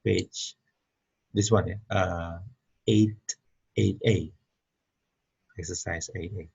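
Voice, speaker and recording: A man teaching English grammar in an online lesson, talking slowly with many fillers and repeating words. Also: sits low, steady tone, gravelly, a little mellow, slightly rough, dull audio.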